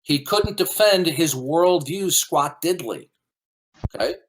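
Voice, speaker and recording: A combative man hosting an online debate, his voice sitting a little high for a man. He argues in a dismissive, repetitive way, doubling words as he pushes each point. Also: lively intonation, slow pace. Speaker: debate host. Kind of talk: heated debate commentary.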